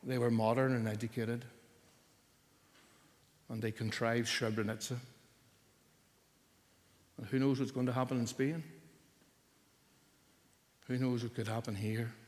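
An older man delivers a sermon at a mid-range pitch. He speaks earnestly and swells to forceful emphasis. His voice carries a long reverb tail, as in a big church hall. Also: little pitch movement, measured pace, pauses often. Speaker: preacher.

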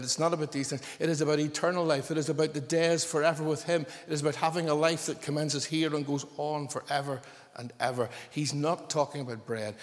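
Preacher in a reverberant hall. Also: male voice, on the high side. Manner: emphatic, repeating phrases for stress. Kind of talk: sermon. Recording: long reverb of a large hall.

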